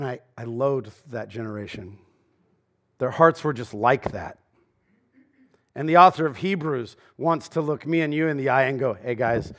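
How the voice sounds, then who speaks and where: A pastor delivers a sermon in a voice that sits a little high for a man. His preaching is loose and conversational, full of casual asides. It sounds like a church service. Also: a bit bright.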